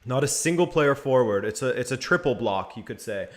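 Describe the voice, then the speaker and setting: This young man speaks fairly fast in a mid-range voice, hosting a live watch-along as he commentates a match. Relaxed play-by-play blends with his replies to chat.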